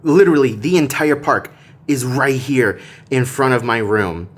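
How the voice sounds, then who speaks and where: A man giving a casual hotel room tour as a theme park vlogger, chatty and easily excited, with his voice jumping up when something surprises him. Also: medium pitch, unhurried.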